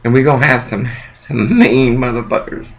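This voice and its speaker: Gravelly man ranting. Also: medium pitch, fairly even intonation, moderate pace, rough recording. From Texas. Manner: profane, heated, rambling rant. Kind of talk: ranting monologue to camera.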